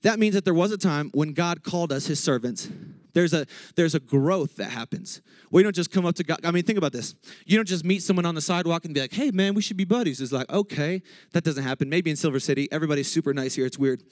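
A man preaching a casual, energetic sermon in church, joking and interrupting himself as he gets excited. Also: on the high side, fast, no room sound.

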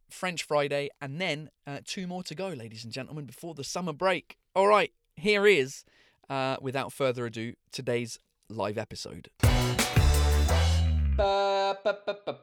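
A man's voice: on the high side, big pitch swings, moderate pace, soft background music. A man hosting his own podcast and live show in casual chat. He rambles, swears freely and mocks himself.

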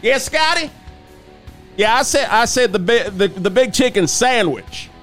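A rambling, folksy trucker DJ, played by a man, talks high and swoops wildly up and down. He hosts a goofy radio show as improvised comedy, with faint music under him. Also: lively intonation, measured pace, a bit bright, full character voice. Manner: folksy, rambling, says ain't and y'all. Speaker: fill-in radio host.

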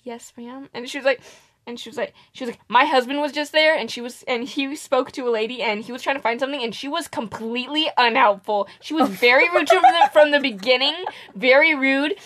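Young woman, higher voice, casual chat, animated storytelling, mimics customers. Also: brisk. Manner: animated storyteller, acts out customers' lines, laughs often. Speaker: podcast co-host.

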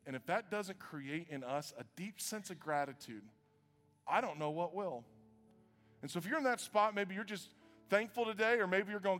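A man with a high, bright voice preaching to a church congregation, animated and joking at his own expense, dropping to quiet asides and rising to loud bursts. His voice rings with a long hall reverb, and soft instrumental music plays faintly behind. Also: moderate pace. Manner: animated and self-mocking, swings from quiet asides to loud shouts. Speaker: pastor. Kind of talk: sermon.

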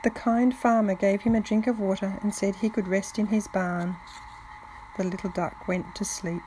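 A woman reading a children's picture book aloud to family, gently, with soft whispered touches. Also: medium pitch, fairly even intonation, normal speed, a little hiss or hum, low-quality recording. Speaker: family storyteller.

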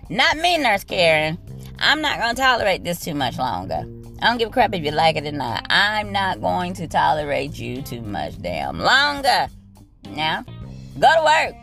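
A woman's voice: fairly low pitch, wildly swooping pitch, unhurried, vocal fry, fairly bright tone, soft background music. A woman nurse telling a work story as a blunt, profane and exasperated rant.

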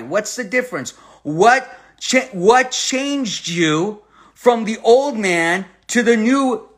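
A man with a fairly high voice preaching in an emphatic sermon style. He reads scripture slowly, leaning on each word, and keeps asking his listeners pointed questions. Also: fairly bright tone. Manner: reads scripture aloud with slow stress. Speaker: Bible teacher. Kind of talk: sermon-style Bible teaching.

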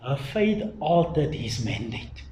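A man preaching a sermon emphatically, swinging from loud exclaiming to low, quiet delivery. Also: sing-song, takes it slowly, reverberant, noisy background.

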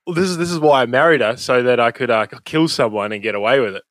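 A man with an Australian accent spins a rambling story, laughing often and swearing freely. His voice sits at an ordinary middle pitch. The sound is dry and close, with hardly any room behind it. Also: quick pace, fairly bright tone, no echo. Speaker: podcast host, guest. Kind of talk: casual storytelling chat. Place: home room with bookshelves.

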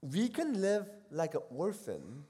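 A middle-aged man and seminary professor giving a casual, animated talk at a retreat, moving between loud and soft as he acts out quoted voices. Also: on the high side, takes it slowly, slightly rough. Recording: long hall reverb.

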